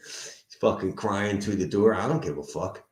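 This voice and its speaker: A man's voice: on the low side, normal speed. Profane Philadelphia man venting in a roomy echo. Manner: profane, animated storytelling. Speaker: sober house manager. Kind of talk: casual venting monologue. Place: indoors at home.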